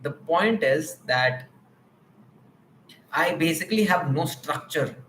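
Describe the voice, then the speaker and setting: A man with a thick Indian accent rambles through an unscripted live stream, thinking aloud and circling back on his own ideas. His voice sits a little high. The room is echoey, with a faint hiss behind him. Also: animated, slow pace, a bit bright. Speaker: livestreamer. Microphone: mic with camera.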